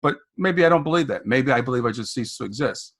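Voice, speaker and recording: A man's voice: medium pitch, lively intonation, fast, fairly bright tone. A man hosting a podcast interview, talking in an engaged and affirming way. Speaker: podcast host. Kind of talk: casual interview conversation.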